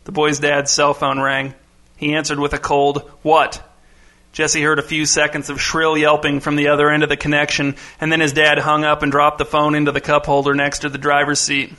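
A man narrating a novel in an even, measured reading. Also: on the high side. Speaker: audiobook narrator. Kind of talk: scripted narration.

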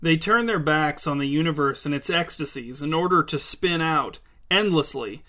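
Man reading stories in a bright voice. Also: on the high side, moderate pace. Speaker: reader. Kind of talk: reading literary short stories aloud.

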